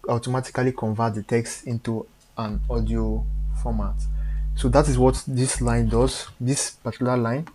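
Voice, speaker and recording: A man talks viewers through a coding tutorial on a live stream in a mellow, relaxed tone. His explanation moves haltingly, full of fillers and mid-sentence corrections. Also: mid-range voice. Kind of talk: step-by-step coding walkthrough.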